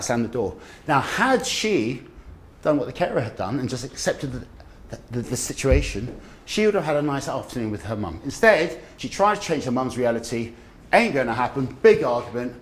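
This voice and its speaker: A middle-aged man giving a lively talk on dementia care, acting out the people in his stories. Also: medium pitch. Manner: animated storyteller, acts out quoted voices. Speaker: dementia awareness speaker. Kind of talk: lively public health talk. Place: community event room.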